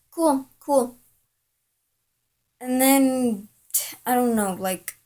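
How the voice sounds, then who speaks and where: A woman's voice: medium pitch, darkish tone. A woman telling a personal story in a rambling, casual way, full of "like" and "I'm all like". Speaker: vlogger.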